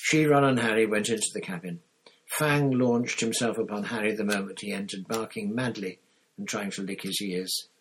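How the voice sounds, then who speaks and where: A man reading a novel aloud in steady storytelling, with the odd slip. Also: fairly low pitch, normal speed, slight background noise, poor audio. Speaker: audiobook reader.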